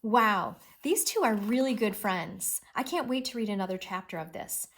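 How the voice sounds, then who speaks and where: A woman teacher giving an expressive, encouraging read-aloud reading lesson with lots of emphasis. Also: mid-range voice, moderate pace.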